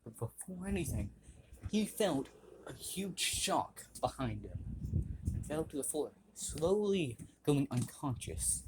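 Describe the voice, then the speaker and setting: A young man casually retelling a fan story, halting with restarts and frequent throat clearing. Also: a little high, sing-song. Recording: noisy home recording.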